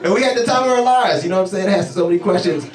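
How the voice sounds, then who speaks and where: A male stand-up comedian telling a story to a club audience, with animated delivery that jumps into high, excited voices. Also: rapid-fire, a crowd in the background. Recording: echoey club sound from far off.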